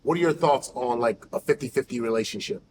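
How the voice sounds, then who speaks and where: A man's voice: medium pitch, fast, slight background noise. A man hosting a casual interview, asking questions with short easygoing replies. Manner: brief backchannels, easygoing questions.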